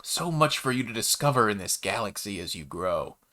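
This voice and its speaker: A man's voice: lowish voice, sing-song, moderate pace, pushed and bright. A man voicing a chatty, easygoing male alien baker in a sci-fi story, with a laid-back, folksy manner. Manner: laid-back, folksy, calls the listener kid.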